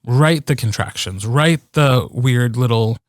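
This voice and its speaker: A man's voice: medium pitch, a little slow, dry recording, clean studio sound. A man who narrates audiobooks, co-hosting a podcast in casual chat with many fillers and restarts.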